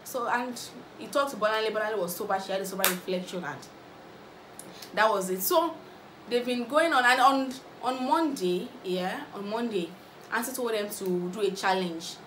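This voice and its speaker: A woman's voice: medium pitch, normal speed, slight background noise. A young Nigerian woman with a Nigerian accent, recapping a reality show in a casual, gossipy vlog and acting out what others said. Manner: animated gossipy storytelling, acting out others' lines. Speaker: vlogger. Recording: roomy echo with faint ambience.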